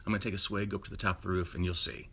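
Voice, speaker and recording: Animated man telling jokes. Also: racing, vocal fry, slight background noise. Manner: animated, jumps into higher voices for punchlines. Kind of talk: joke telling.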